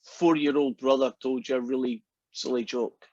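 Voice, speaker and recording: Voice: medium pitch, fairly even intonation, normal speed, warm tone, dry recording, lo-fi sound. A teacher in an online class, chatty and encouraging, telling jokes to the students. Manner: chatty, encouraging, laughs easily.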